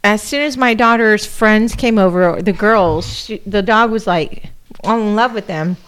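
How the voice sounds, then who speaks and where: A woman's voice: mid-range voice, a little slow, a bit bright, clear, resonant tone. Rambling, crude-humored woman podcast co-host. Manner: rambling, crude, amused storytelling. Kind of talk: casual chat.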